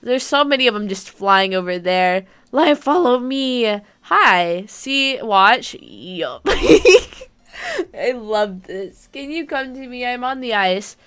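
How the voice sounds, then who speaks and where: A woman's voice: fairly high pitch, very animated, slow, a bit bright, smooth. A young woman chatting casually on a gaming live stream, giggling often and reading out viewer comments. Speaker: gaming livestreamer.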